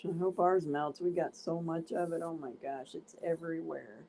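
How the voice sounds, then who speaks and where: A woman with a low, mellow voice chats casually on a livestream from home and exclaims often. A faint hum sits behind her. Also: fairly even intonation, moderate pace, rough recording. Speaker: livestream co-host. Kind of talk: casual chat. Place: indoors at home with a dog.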